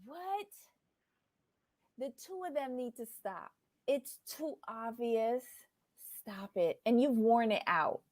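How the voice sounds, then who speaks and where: A woman's voice: a little high, a little slow, dry recording, studio quality. A woman co-hosting a TV recap show, giving sarcastic commentary in casual chat. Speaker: podcast co-host.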